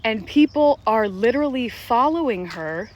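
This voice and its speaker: A woman vlogger with a slightly high voice, speaking straight to her camera in a loose, unscripted monologue. She talks quickly and with emphasis, swearing freely and filling her sentences with "literally" and "like.". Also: lively intonation, a little mellow. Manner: fast, profane, emphatic, heavy use of "literally" and "like". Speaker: TikTok creator. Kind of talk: casual vlog monologue.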